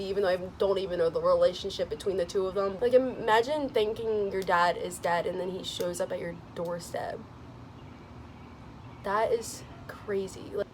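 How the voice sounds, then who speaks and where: A young woman vlogger chatting casually about a movie she just saw, gushing and excitable, with lots of "like"s, laughs and sighs. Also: a little hiss or hum. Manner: gushing and excitable, many "like"s, laughs and sighs, swings into squealing high quotes. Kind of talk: casual chat.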